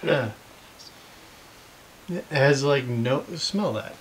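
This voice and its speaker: A medium-pitched man draws out his words over background noise. He's a middle-aged US father hosting a casual snack-tasting video, given to rambling, teasing and dry jokes.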